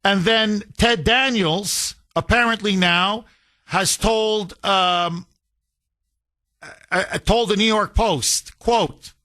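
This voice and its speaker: Middle-aged male talk radio host, heated and emphatic, bright forceful tone. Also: high voice, slow. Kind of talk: political talk radio monologue.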